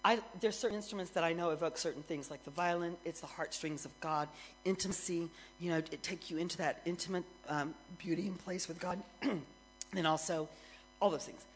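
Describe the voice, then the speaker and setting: A middle-aged woman worship minister telling a lively story as part of a sermon, getting more excited and louder as it goes. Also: lowish voice, a little fast, soft background music, low-quality recording. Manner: animated storyteller, grows excited and loud, laughs.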